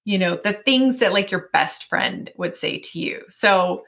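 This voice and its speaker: Chatty, bright-voiced woman in her forties. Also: mid-range voice, a little slow, vocal fry. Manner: chatty, many fillers, animated self-quoting. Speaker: interview guest. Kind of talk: personal storytelling in an interview.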